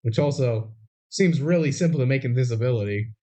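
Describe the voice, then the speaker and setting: A man's voice: mid-range voice, a little fast, mellow. A young man co-hosting a podcast in casual chat, with dry, wry comments. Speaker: podcast co-host.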